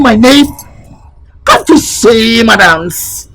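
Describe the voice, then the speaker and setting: A man acting in a comedy sketch, scolding loudly and switching between English and Twi. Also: very high-pitched, very animated, normal speed, slight background noise. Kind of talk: scripted comedy skit.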